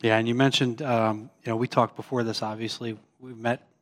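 A man gently interviewing a church member, prompting with casual questions. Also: medium pitch, little pitch movement, a little fast. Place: church hall. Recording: distant mic, long hall reverb.

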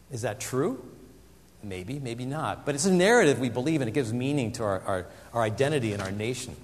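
A man preaching a sermon, animated and dramatic, acting out the voices he quotes. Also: medium pitch, long reverb tail. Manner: animated, acts out quoted voices with big swings. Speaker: pastor.

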